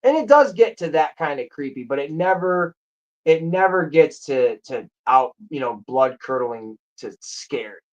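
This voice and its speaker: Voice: mid-range voice, expressive, measured pace, a little mellow, rough recording. Rambling enthusiastic show host. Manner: rambling, enthusiastic, with self-corrections. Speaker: show host reviewing a movie. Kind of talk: casual chat.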